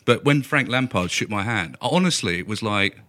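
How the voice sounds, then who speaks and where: Fast-talking deep-voiced man. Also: expressive, pushed and bright, no echo. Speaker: podcast guest. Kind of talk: casual football chat.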